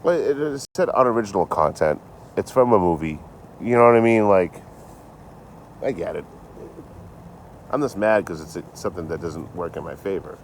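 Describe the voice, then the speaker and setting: A man's voice: low voice, animated, moderate pace, pauses often, a little hiss or hum. A tipsy man casually chatting on a livestream from his phone, swearing often and trading sarcastic jokes with viewers. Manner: profane, sarcastic and rambling. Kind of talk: casual live-stream chat.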